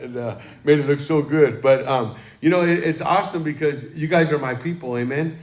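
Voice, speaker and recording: Speaking briskly with few pauses, a man with a high-leaning voice gives a casual sermon to his congregation, often tossing in "amen." His storytelling is warm and chatty, peppered with "um," and it's livestreamed from a church sanctuary that sounds roomy.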